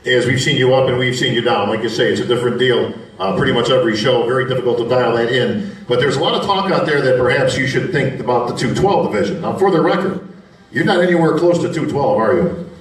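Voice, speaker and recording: A man's voice: medium pitch, quick pace. A male host moderating a press conference, teasing the athletes with jokes. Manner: teasing, wisecracking. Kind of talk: joking moderation. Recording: echoey room, distant mic, loud crowd.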